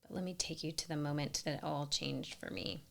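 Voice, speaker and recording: A woman in her thirties narrates a personal story in a rather low voice with a gravelly fry. She speaks earnestly and with emphasis, and sometimes slips into a soft whisper. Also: steady tone, brisk. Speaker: storyteller sharing a personal experience.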